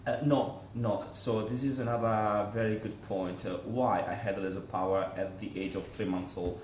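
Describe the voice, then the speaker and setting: A man playing a boastful blinking competitor who claims laser eyes, in excitable broken English, recorded in an echoey room. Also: on the low side, moderate pace, slight background noise, close to an everyday voice. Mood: earnest. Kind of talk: mockumentary interview.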